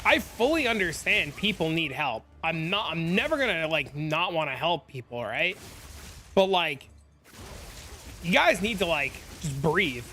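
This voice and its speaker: A man's voice: on the high side, very animated, unhurried, sharp tone, a little hiss or hum. A young man streaming a game, rambling in casual chat and venting with lots of "like" fillers. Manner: rambling, heavy use of "like", exasperated venting.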